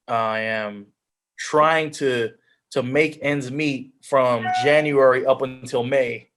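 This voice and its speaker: A man's voice: medium pitch, a bit bright. Earnest young man telling his story. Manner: earnest storytelling, drops into quoted self-talk. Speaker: guest speaker, pro football player. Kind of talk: telling his life story on a video call. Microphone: video call.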